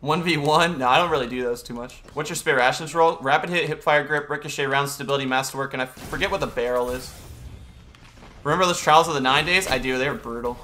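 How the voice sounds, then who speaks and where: Young guy streaming games, reads chat out loud, bright tense voice, laid back. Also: medium pitch, quick pace, slight background noise. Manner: greets and answers chat while playing. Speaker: game streamer. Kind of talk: casual live-stream chat.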